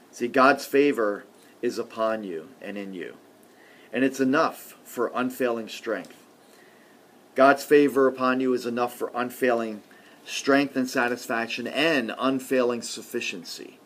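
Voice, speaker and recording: A man preaching a sermon in a conversational way, often adding "see" and "okay", and swinging from loud emphasis to quiet murmurs. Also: mid-range voice, unhurried.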